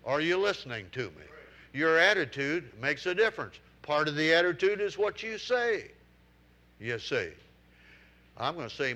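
Emphatic, bright-voiced male preacher. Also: on the high side, expressive, normal speed. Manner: emphatic, repetitive, exhorting. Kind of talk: sermon. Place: room with congregation.

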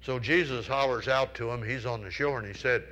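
Brisk and pushed, with a bright mid-range voice, this preacher spins folksy stories in his sermon, questions the congregation and plays the people in his tales with raised voices, all on a rough recording.

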